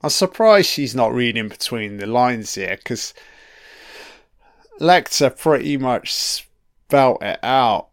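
Slow guy heckling a movie, a bit croaky, dry close mic. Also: medium pitch, lively intonation, no room sound. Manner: profane, talks back at the screen. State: slightly croaky throat. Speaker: film commentator. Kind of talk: casual film commentary.

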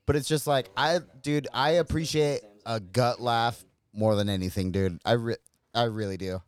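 A man's voice: medium pitch, moderate pace, clean tone. A man on a casual podcast, talking loosely, cursing often and calling people dude. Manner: animated, swearing a lot, saying dude. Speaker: podcast co-host.

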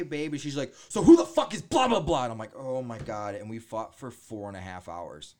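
Slightly low-voiced man telling stories. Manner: animated storytelling, mimics voices in quotes, swears often. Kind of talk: casual chat.

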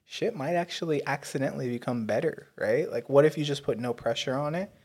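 A podcast co-host with a husky, darkish, medium-pitched voice talks fairly quickly. The conversation is casual and laid-back, and he swears casually as he chats.

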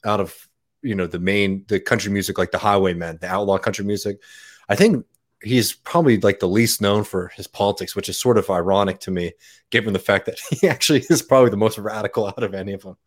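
Low-voiced guy rambling through a story on a podcast, lots of ums. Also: quick pace. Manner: rambling storytelling with frequent fillers and laughs. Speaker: podcast guest. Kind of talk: casual chat.

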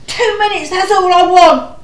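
A woman playing a frazzled, exasperated mother of many children in a panto, chatty and slow. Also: very high-pitched. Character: frazzled harried mother in a shoe house. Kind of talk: amateur panto acting. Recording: echoey room.

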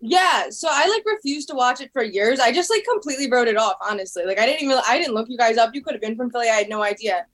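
A woman's voice: a little high, expressive, fast talker, hardly any pauses, fairly bright tone. A young woman with a thick Philadelphia accent, chatting over a video call and laughing as she talks. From Northeast Philadelphia. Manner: giggly, chatty, peppered with "like". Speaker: fan caller on video call. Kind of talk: casual chat.

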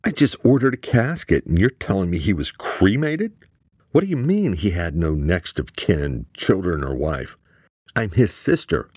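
A man with a deep voice voicing a suspicious, controlling woman boss who barks and curses. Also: huge pitch swings, measured pace, creaky, a little mellow, no echo, studio quality, full character voice. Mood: furious. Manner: barking, cold.

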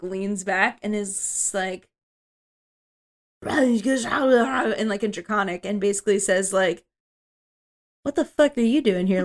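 A woman game master runs a tabletop role-play in a casual, lively way. She narrates scenes and calls for dice rolls. Her voice sits at an ordinary pitch. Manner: casual, lively, swearing in character quotes.

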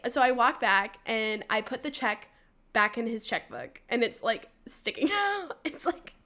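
Animated young woman telling a story. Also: fairly high pitch, unhurried. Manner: animated, acts out quotes, many "like" fillers. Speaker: podcast co-host. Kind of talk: casual storytelling chat.

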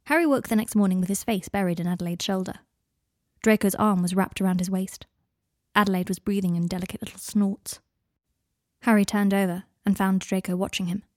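A woman hosting a podcast, reading her own fanfiction aloud in an even, measured storybook narration on a close mic. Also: mid-range voice, no room sound.

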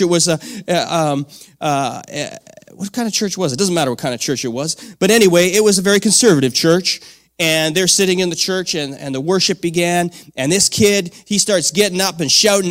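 A man preaching a lively sermon with a slightly high voice. He talks casually, peppered with "come on" and fillers, and rises from soft, low passages to bursts of shouting. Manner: dynamic, swings from soft to shouting.

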